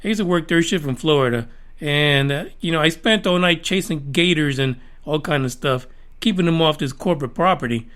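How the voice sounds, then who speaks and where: A man's voice: on the high side, fairly quick, fairly bright tone. A middle-aged man hosting a podcast, talking casually in a rambling, jokey way, with a lot of swearing. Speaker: podcast host.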